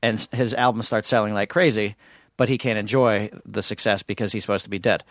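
A man's voice: lowish voice, fairly even intonation, fairly quick, no echo, clean studio sound. A man co-hosting a podcast, telling rambling stories in casual chat with lots of restarts. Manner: rambling storyteller, chatty with many restarts. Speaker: podcast co-host.

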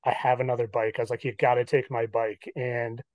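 This young man spins a rambling story in casual chat, slipping into the voices of the people he quotes. His voice sits at an ordinary middle pitch. It is recorded dry, with no room sound around it. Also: a little fast, dry recording. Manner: animated, acts out quoted dialogue, many "like" fillers. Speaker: podcast guest.

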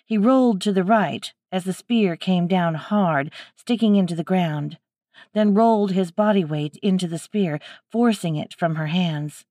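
A woman narrating a scripted adventure story with a measured, steady reading. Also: fairly low pitch, dry recording, studio quality.

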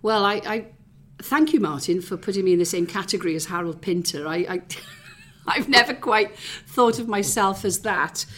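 A middle-aged woman from the South Wales valleys with a Welsh accent, talking in an interview and reminiscing in a chatty way with many fillers and restarts. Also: mid-range voice. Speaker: interview guest. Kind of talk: reflective conversational interview.

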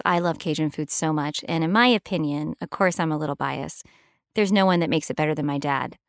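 A middle-aged actress talking in a relaxed, enthusiastic interview, laughing often. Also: female voice, lowish voice, dry recording, studio quality. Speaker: actress guest. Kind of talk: casual interview chat.

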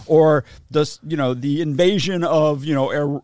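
A man in a casual podcast chat, telling a story in an animated way, acting out the back-and-forth of a conversation and swearing now and then. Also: on the high side, a little fast, few pauses, dry recording, studio quality. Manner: animated, acts out quoted dialogue, swears.

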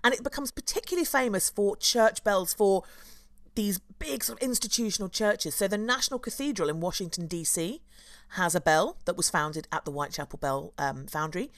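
A woman from London, a tour guide hosting a casual chat, playful and quick to laugh. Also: medium pitch, no room sound, studio quality. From London, England. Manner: chatty, playful, laughs often.

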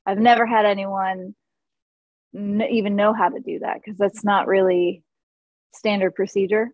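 Woman producer chatting, lively storyteller, dry close sound. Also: medium pitch, normal speed, dry recording, phone-quality sound. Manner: animated storyteller, acts out studio moments. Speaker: producer and musician. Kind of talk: casual interview chat.

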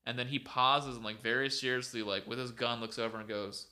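Very bright-voiced man telling a story. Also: mid-range voice, steady tone, a little fast. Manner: rambling, filler-heavy. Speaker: podcast co-host. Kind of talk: casual storytelling.

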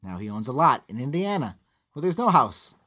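A man's voice: medium pitch, very animated, brisk, sharp tone. A man, co-hosting a podcast in casual banter, rambling and sarcastic with frequent swearing. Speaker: podcast co-host.

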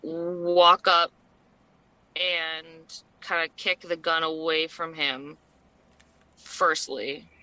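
A woman's voice: low-pitched, level tone, pushed and bright. A woman playing in a tabletop game, speaking hesitantly with many fillers. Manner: slow, hesitant, lots of ums. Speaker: player. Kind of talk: casual tabletop play.

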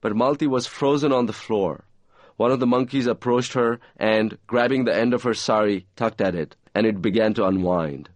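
A man reading aloud from his own novel in a measured, even storytelling manner. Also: fairly low pitch, no echo.

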